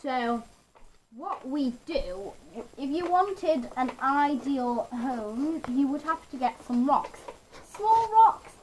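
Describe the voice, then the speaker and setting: A woman vlogger at home casually showing and explaining her pet toad in a halting, rambling way with many restarts. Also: high-pitched, a little hiss or hum, low-quality recording. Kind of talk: casual show-and-tell.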